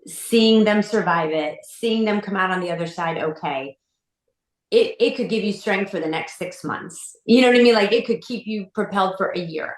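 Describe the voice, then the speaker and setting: A woman's voice: medium pitch, echoey room, poor audio. A middle-aged woman talking chattily as a podcast guest, full of "you know" and "like". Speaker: guest, mother. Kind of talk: heartfelt podcast interview.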